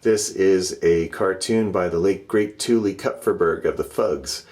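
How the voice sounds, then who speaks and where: A middle-aged man walking through his house, fondly describing his art with many pauses and fillers, his voice dropping softly at the end of thoughts. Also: sits low, a little hiss or hum. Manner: warm, fond, many fillers, trails off softly at ends of thoughts. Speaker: vlogger giving a home art tour. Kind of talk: casual home tour narration. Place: inside his house, moving through rooms.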